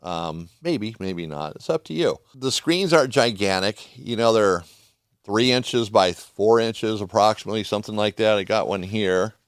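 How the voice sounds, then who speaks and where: A man's voice: on the low side, dry recording, clean studio sound. A man hosting a podcast, chatting casually and folksily about gear, rambling with restarts. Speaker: podcast host. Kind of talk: casual product talk.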